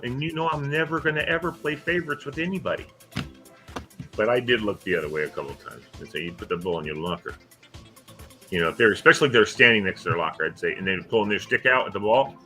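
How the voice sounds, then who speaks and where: Older male host, bright forceful voice, chatty storyteller, faint music under. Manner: animated storyteller acting out quoted kids in a higher voice. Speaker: podcast host, former school coach. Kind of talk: casual storytelling chat.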